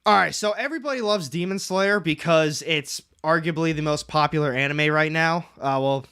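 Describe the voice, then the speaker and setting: Bright-voiced man chatting on a livestream. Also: fairly high pitch, normal speed, clean tone. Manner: rambling, reads chat aloud and swears casually. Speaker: comics livestream host. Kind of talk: casual livestream chat. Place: home room with shelves.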